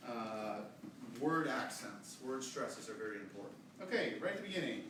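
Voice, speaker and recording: A man leading a choir rehearsal who gives brisk, quiet instructions, counts in and demonstrates phrases. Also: medium pitch, big pitch swings, noisy background. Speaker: choir director. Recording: echoey room, far from the mic, choir and piano behind.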